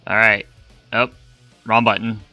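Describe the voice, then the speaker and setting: A man's voice: lowish voice, little pitch movement, unhurried, no room sound, highs cut off, faint music behind. A young man giving a rambling, casual play-by-play of a video game run, swearing and sighing at his losses. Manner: rambling play-by-play, swears, sighs when frustrated. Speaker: gaming YouTuber.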